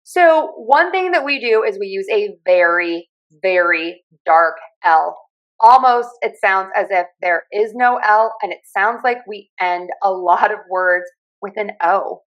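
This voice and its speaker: Her intonation lively and her pace unhurried, a woman from Pittsburgh, USA, speaking with that city's accent, walks through speech sounds in an explanatory talk on accents. A speech pathologist and communication coach, she's like a friendly teacher, making each point clear and stopping to show vowels, with a typical middle pitch for a woman, captured on a rough recording.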